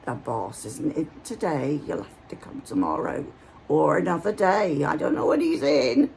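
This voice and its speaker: A woman's voice: sits low, very animated, creaky, darkish tone, a little hiss or hum, exaggerated voice. A woman putting on a vague old garden-centre man. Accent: attempted Hampshire. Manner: slow, vague, repeating himself. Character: puzzled old man in his nineties running a garden centre.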